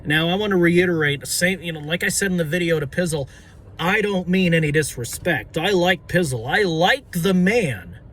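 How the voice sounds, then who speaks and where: A young man ranting about football, excitable and profane, shouting and stumbling over his words. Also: fairly high pitch, moderate pace. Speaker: sports fan vlogger. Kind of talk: ranting fan commentary.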